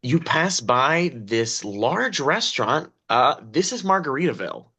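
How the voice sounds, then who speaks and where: A man narrating as game master of a tabletop role-playing game, relaxed and chuckling often. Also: a little high, unhurried, slightly rough.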